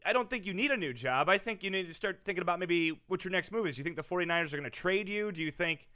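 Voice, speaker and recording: Bright-voiced male podcast co-host. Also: sits high, lively intonation, fast, clear, resonant tone. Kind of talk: comedy podcast banter.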